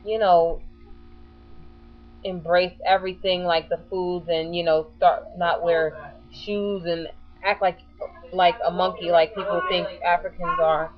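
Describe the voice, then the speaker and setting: A woman's voice: fairly low pitch, little pitch movement, unhurried, dull audio. A woman speaking her mind in a casual vlog, outspoken and passionate. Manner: outspoken and passionate, building to heated. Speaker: vlogger.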